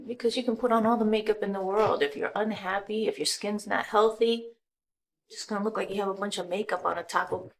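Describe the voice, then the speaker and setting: A woman's voice: medium pitch, a bit bright. Middle-aged woman chatting through her makeup routine. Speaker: celebrity giving a makeup tutorial. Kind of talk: casual makeup tutorial talk.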